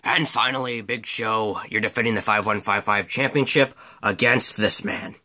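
Excitable man doing mock wrestling commentary. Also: lowish voice, normal speed. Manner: excitable, exclaiming, deadpan asides.

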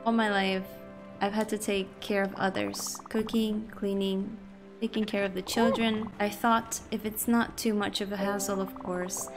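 A woman voicing a gentle, weary old lady. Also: mid-range voice, level tone, unhurried, natural voice. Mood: wistful. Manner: soft, wistful reading of game dialogue. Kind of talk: reading game dialogue aloud. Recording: stream audio with background music. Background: soft background music.

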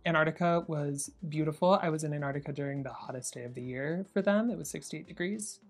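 A young drag performer as a guest, telling stories in a bubbly, giggly way. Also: female voice, low voice, fast, faint music behind. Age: young adult. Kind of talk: casual chat.

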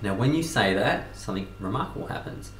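Low-voiced man coaching in an echoey room. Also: brisk. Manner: energetic, emphatic, acts out customer quotes. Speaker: self-improvement coach. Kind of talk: talking-head advice video.

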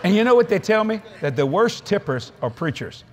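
A man preaching at a convention, telling folksy stories in an animated way with frequent laughs. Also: high voice, brisk, slight background noise. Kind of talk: storytelling sermon to a live audience. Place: convention stage.

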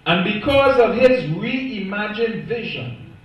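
A man's voice: high-pitched, animated, slow, far from the mic, highs cut off. Emphatic man preaching in an echoey church. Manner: emphatic preaching, stressing single words. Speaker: pastor. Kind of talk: sermon. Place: church sanctuary.

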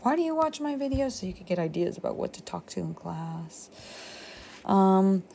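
A woman's voice: mid-range voice, big pitch swings, moderate pace, gravelly, mellow, a little hiss or hum. A woman teacher thinking aloud as she writes a journal entry for her students, musing and talking to herself. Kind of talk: thinking aloud while writing a journal demo.

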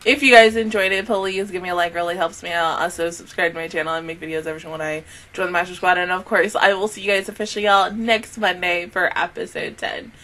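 A woman's voice: lowish voice, fairly even intonation, quick pace, hardly any pauses, a bit bright. A young woman hosting an anime reaction vlog, gushing and exclamatory, cursing freely and swinging between laughs and near tears. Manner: casual, swears freely. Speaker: anime reaction channel host.

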